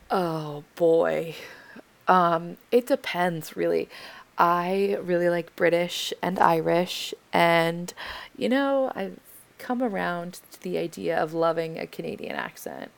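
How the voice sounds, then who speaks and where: Young American woman, casual Q&A, slightly low and gravelly, tired, hesitant with lots of filler words. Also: slow. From United States. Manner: hesitant, full of ums and likes. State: tired and yawning late at night. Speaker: audio creator answering listener questions. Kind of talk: casual Q&A chat.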